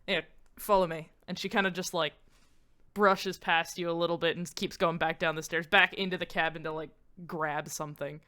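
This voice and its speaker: A woman's voice: fairly low pitch, flat delivery, normal speed, bright, forceful tone, smooth. Casual woman narrating her character. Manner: casual, swearing, joking. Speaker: tabletop game player. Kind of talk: narrating a character in a tabletop game.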